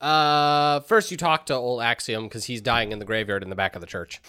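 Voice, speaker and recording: A man co-hosting a podcast, casually recapping a video game and acting out its characters in quick quoted bits. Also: medium pitch, steady tone, bright, forceful tone, clear, resonant tone, dry recording, clean studio sound. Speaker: podcast co-host.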